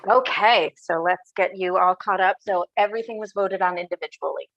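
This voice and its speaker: A woman committee clerk on a video call, briskly reading bill titles and numbers out for a vote in a matter-of-fact way. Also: on the low side, fairly bright tone, highs cut off. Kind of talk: reading out bills for a remote vote.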